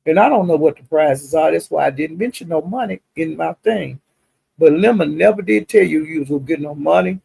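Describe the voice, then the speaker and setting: A man's voice: fairly high pitch, a little fast, gravelly, dark tone, slightly rough, no room sound, poor audio. A man talking casually to a livestream chat, gossiping in a drawling, chatty way and speaking to viewers directly. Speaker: commentator recapping livestream drama.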